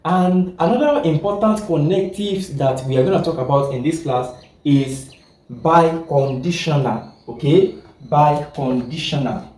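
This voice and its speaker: Male teacher, fairly high and mellow, patient and repetitive, keeps checking that the class follows; roomy, distant sound. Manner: halting, self-correcting explanations. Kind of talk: classroom lecture. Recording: echoey room, distant mic.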